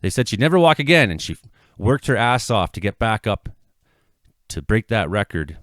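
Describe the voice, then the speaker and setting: A middle-aged man from Canada, a local weather vlogger, giving an earnest, halting apology that swells into impassioned outbursts. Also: fairly low pitch, sing-song, fairly bright tone, dry recording, clean studio sound. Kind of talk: emotional apology monologue. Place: his home.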